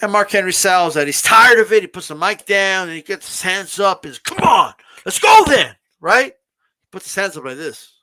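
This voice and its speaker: Bright, high-pitched male streamer host, loose and animated, swears freely. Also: a little fast. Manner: animated, repetitive restarts, swears casually. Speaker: streamer hosting a live wrestling talk. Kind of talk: casual ranting commentary.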